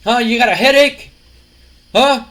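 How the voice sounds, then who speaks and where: A man's voice: very high-pitched, measured pace, a bit bright, voice pushed up. A man voicing an angry male pro wrestler who mocks his opponent with sneering questions. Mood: mocking.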